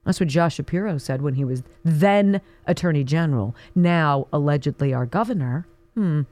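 A woman's voice: low voice, animated, normal speed, a little mellow, dry recording. A woman hosting a talk radio show, talking in a fiery, indignant, sarcastic way as she reads listener notes and news. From Pennsylvania, US. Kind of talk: political talk radio monologue.

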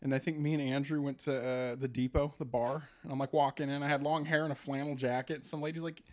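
A man's voice: medium pitch, steady tone, quick pace, a little mellow. A man hosting a podcast, chatting casually and telling joking stories. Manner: joking, tells stories with acted-out quotes. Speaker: podcast host. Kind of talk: casual chat.

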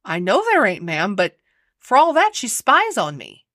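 This is a timid young housemaid, voiced by a woman reading aloud. She is earnest and deferential, with rustic servant speech. The voice is bright and lively, in a dry, close storybook reading. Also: medium pitch, unhurried, no echo, exaggerated voice. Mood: earnest, uneasy.

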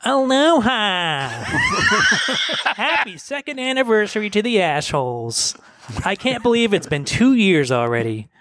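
A man's voice: high voice, big pitch swings, unhurried, a bit bright, no room sound, pitched above the performer's own voice, full character voice. A man reading a woman friend's anniversary message in a put-on, bubbly, sing-song voice. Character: cheerful globe-trotting woman friend reading a note.

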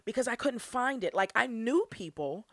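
A woman's voice: a little high, expressive, normal speed, dry recording. A young woman hosting her own podcast, talking earnestly and from the heart, laughing often as she goes. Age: young adult. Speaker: podcast host. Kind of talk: solo podcast monologue.

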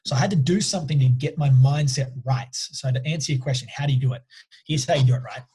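A man's voice: mid-range voice, fast talker, warm tone, husky. A man, a mindset coach and guest, talking casually and emphatically, often checking in with "right?". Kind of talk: casual storytelling interview.

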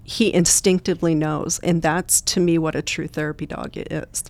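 A woman's voice: sits low, little pitch movement, normal speed, gravelly, darkish tone, no room sound. A woman guest who trains therapy dogs, telling earnest, plain-spoken stories in an interview. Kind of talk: storytelling interview answers.

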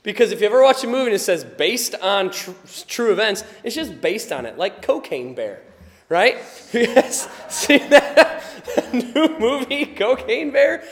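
A male preacher giving a conversational sermon, sometimes quiet and chatty, sometimes loud and emphatic, and he laughs often. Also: very high voice, unhurried, long reverb tail. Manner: animated, swings from quiet asides to loud emphatic shouts.

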